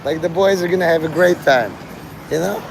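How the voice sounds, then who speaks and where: A man's voice: a little high, fairly quick, noisy background. A man rambling and swearing on a live stream from a city street, talking to his chat in a strained voice he says is normal for him. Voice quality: gravelly, strained voice he calls his normal one. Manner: rambling, profane, free-associating, talks to chat. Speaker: livestreamer.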